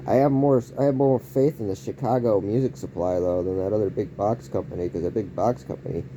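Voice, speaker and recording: A man rambling through a casual home vlog indoors, using odd word choices and breaking into sudden yelled outbursts. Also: on the low side, brisk, background noise. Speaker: vlogger.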